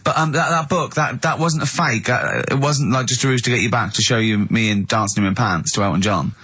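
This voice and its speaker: A man hosting a radio show, bantering with bursts of laughter and shouted outbursts, in a studio. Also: mid-range voice, fairly quick, slightly rough. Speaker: radio host.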